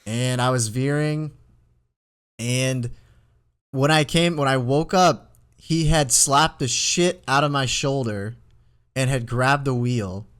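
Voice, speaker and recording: A man's voice: medium pitch, slow pace, pauses often, smooth. A man in his twenties, a podcast co-host, telling a long story in casual chat, with many restarts. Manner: rambling storyteller, many restarts, animated when quoting himself.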